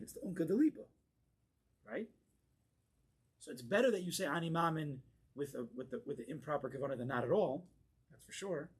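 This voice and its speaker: Very husky rabbi, fervent lecture. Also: male voice, on the high side. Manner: fervent and emphatic, swings from hushed asides to forceful exclamations. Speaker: rabbi teaching a class. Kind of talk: impassioned Torah lecture. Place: congregation hall, indoors.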